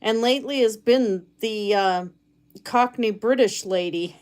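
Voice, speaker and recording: Slow-talking woman chatting while crafting. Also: mid-range voice, darkish tone, smooth. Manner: easygoing, chatty, reads viewer comments aloud. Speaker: live streamer and chainmaille jewelry maker. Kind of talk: casual live-stream chat while crafting. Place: home cabin.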